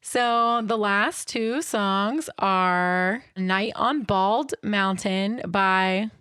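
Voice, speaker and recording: A woman's voice: medium pitch, drawn-out words, a bit bright, clean tone, no room sound, clean studio sound. A woman co-hosting a casual chat podcast, joking and teasing as she talks. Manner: joking and teasing, laughs often. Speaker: podcast co-host.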